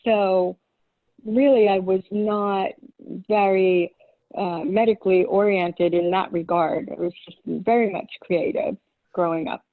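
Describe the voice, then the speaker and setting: A middle-aged holistic chiropractor from Long Island, New York, answers a podcast interviewer's questions casually, hesitating often with many ums and light laughs. Her mid-range voice is steady and a little slow, on a dry, tinny, phone-like line.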